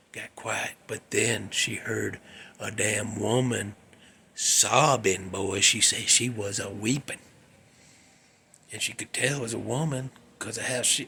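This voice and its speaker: A man hosting his show, telling a ghost story in a drawling, folksy way that drops into hushed whispers. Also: medium pitch, slight background noise. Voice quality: gravelly, raspy. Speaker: show host.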